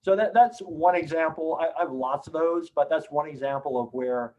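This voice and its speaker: A man's voice: fairly high pitch, normal speed. Rambling middle-aged man, lo-fi call. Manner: rambling, frequent fillers and restarts. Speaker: guest on a Q&A session. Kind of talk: storytelling in a recorded Q&A.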